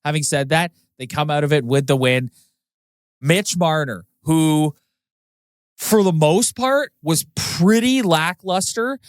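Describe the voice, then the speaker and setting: A man co-hosting a hockey podcast, analyzing the game in a measured, casual way. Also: a little high, dry recording, studio quality. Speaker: podcast co-host.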